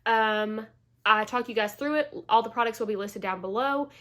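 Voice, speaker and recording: A woman with a slightly bright, higher voice talks at normal speed while chatting through a makeup tutorial as a beauty vlogger. Allergies leave her stuffy and a little out of breath, and her casual talk is packed with "like" and "um."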